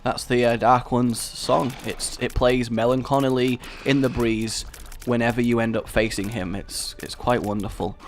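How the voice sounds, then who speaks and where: A young man casually chatting through a video game he is playing, with chatty, self-deprecating talk and sudden excited outbursts. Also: mid-range voice, moderate pace, slight background noise. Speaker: gaming video host. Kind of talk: casual let's-play commentary.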